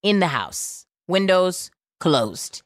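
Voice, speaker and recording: A woman in her thirties hosts a podcast with a loose, playful and brash manner, swearing freely as she chats. Her voice sits fairly low. The sound is dry and close, with no room around it. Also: very animated, takes it slowly, no echo. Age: 30s. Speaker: podcast host. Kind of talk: casual chat.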